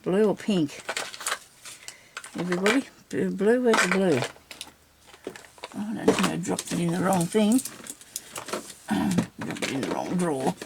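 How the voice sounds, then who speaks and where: Busy cutting and inking at a home table, an older woman makes casual crafting chat to herself for her journal video and laughs a lot. Her lowish, gravelly voice is sing-song and a little slow with frequent pauses, and the recording is very noisy.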